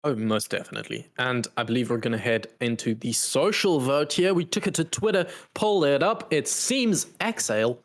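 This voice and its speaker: A man's voice: medium pitch, expressive, normal speed, hardly any pauses. A man hosting a pre-match esports desk, upbeat and bantering with his co-host.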